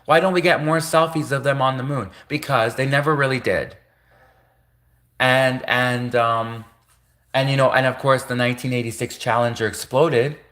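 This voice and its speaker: A man hosting a live stream in a bright, forceful voice. He rambles and repeats himself in a conspiratorial tone. He keeps cutting himself off mid-sentence to correct himself. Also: mid-range voice, fairly even intonation, normal speed. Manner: rambling, repetitive, conspiratorial, self-interrupting. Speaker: livestream host.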